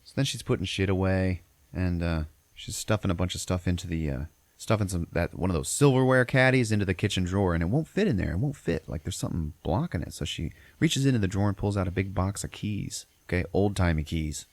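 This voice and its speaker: Deep voiced guy on a podcast, cussing a lot while he retells a movie, dry close sound. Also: animated, fast, hardly any pauses, dry recording. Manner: profane, rambling storyteller. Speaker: podcast host. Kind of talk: casual movie recap.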